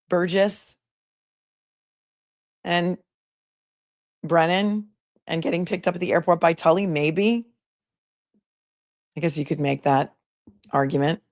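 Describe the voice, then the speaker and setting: A woman's voice: on the low side, no room sound, clean studio sound. A woman attorney hosting a live commentary stream, chatting casually and sarcastically while reading viewer comments aloud.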